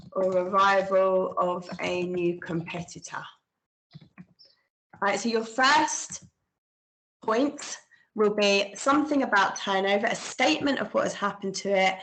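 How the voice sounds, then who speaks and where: A woman's voice: mid-range voice, poor audio. A woman talking students through an accounting exam paper, informal and thinking aloud as she goes. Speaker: accounting tutor. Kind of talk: screen-share exam walkthrough.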